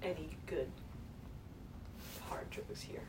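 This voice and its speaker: A woman's voice: takes it slowly, recorded from a distance, poor audio. A young woman drops dry, offhand comments in a casual chat. She sits away from the mic, and there is a faint noise floor.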